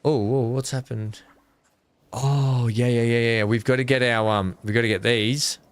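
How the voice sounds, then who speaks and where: At normal speed and a steady, medium-pitched tone, a man streams a park-building game with a clean sound. He chats loosely with his audience, rambling, self-mocking, and filling his spoken thoughts with fillers.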